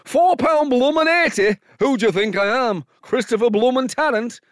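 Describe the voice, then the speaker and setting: A man's voice: very high voice, moderate pace, a bit bright, dry recording, studio quality, voice pushed up. A man putting on a brash northern comic bloke. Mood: indignant. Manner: exaggerated, indignant comic delivery. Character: cheeky northern English comic bloke, indignant. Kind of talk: comedy impression.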